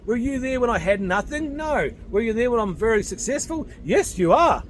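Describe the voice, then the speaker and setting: A high-pitched Australian man in his forties talks straight to camera in a blunt, combative rant. He speaks off the cuff and swears freely. A faint hum of background noise sits under his voice. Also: lively intonation, moderate pace. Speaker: vlogger. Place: at home in Thailand.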